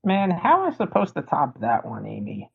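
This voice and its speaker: A man's voice: on the high side, huge pitch swings, normal speed, gravelly, slightly rough. A man hosting a casual voice chat, calling on speakers one by one in an upbeat, easygoing way. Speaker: host. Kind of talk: moderating a voice chat. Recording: tinny phone-like line.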